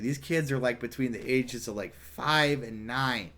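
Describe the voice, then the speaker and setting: A young man casually telling a story, animated and rambling, full of "like" fillers. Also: medium pitch, unhurried, few pauses. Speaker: vlogger.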